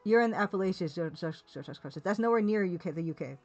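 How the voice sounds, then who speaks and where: A woman's voice: lowish voice, lively intonation, quick pace, darkish tone, muffled recording, faint music behind. A woman streaming live, chatting casually and rambling while reading viewers' comments, laughing now and then. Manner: chatty, rambling, laughs often, reads chat aloud.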